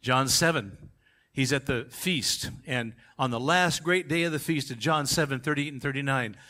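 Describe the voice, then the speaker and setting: A male pastor preaching a sermon, emphatic, swinging from quiet asides to shouted climaxes. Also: mid-range voice, normal speed.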